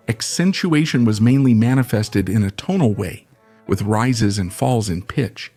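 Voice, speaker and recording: A man giving scripted educational narration in a measured, explanatory way. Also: mid-range voice, creaky, a little mellow.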